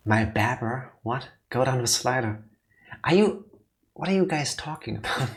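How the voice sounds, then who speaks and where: A man's voice: mid-range voice, lively intonation, normal speed. Chatty man co-host. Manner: chatty, jokey, asks lots of questions. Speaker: co-host of a let's play. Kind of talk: casual chat.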